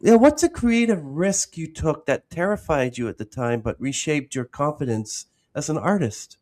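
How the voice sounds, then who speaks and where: A man hosting a podcast, asking relaxed questions and telling easygoing anecdotes. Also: fairly high pitch, moderate pace. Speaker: podcast host. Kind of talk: casual interview chat.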